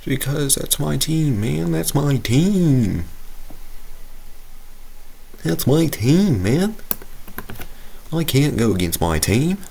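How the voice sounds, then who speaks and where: A man putting on a silly, high, drawn-out voice as an overexcited sports fan. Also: big pitch swings, gravelly, mellow, exaggerated voice. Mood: goofy. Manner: silly squeaky put-on voice, drawn out.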